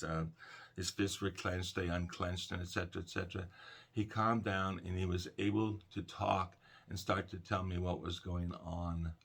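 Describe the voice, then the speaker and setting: A middle-aged man, a counselor, giving a calm, conversational self-help talk about breathing. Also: low voice, slightly rough.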